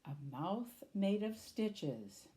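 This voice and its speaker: A woman's voice: mid-range voice, sing-song, drawn-out words, mellow. A woman reading picture books aloud to young children, inviting them to join in the actions and sound effects. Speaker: children's storyteller.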